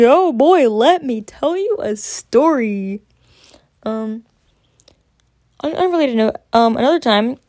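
A woman's voice: on the high side, darkish tone, dry recording, studio quality. A young woman telling rambling, profane work anecdotes in casual storytelling. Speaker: podcast host.

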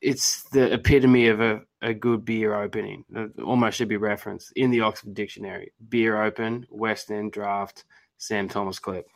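A man's voice: fairly low pitch, fairly even intonation, moderate pace, creaky. An Australian man hosting a podcast in a laid-back, chatty way, with casual swearing. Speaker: podcast host. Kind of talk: casual chat.

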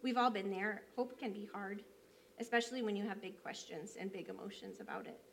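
A woman's voice: mid-range voice, fairly quick, vocal fry, a bit bright, a little hiss or hum. A woman church elder, preaching a sermon by telling a personal story in a conversational way, with frequent fillers.

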